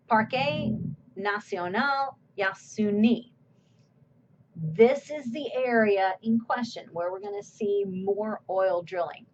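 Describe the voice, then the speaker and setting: A woman's voice: a little high, lo-fi sound, a little hiss or hum. Woman giving a recorded slide lecture. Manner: conversational, asks questions and answers them. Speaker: course instructor.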